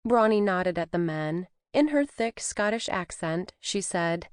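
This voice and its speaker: A woman narrates a cozy mystery in the first person, her voice lowish and full of lively pitch movement. She tells the story with expression. The studio recording is dry and close. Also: measured pace, smooth, dry recording. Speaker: audiobook narrator. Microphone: studio microphone.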